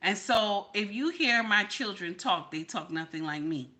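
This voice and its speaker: Woman host, bright and forceful tone, emphatic, repetitive reaction commentary. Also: mid-range voice, lively intonation, unhurried. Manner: emphatic, repeats "okay?" to drive points home; talks to her chat directly.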